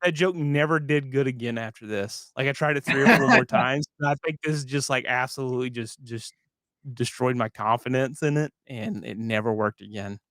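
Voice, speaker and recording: A man's voice: mid-range voice, moderate pace, fairly bright tone, dry recording, studio quality. Laid-back man in his thirties. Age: 30s. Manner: laid-back, self-deprecating, laughing. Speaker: comedian guest. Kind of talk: casual chat.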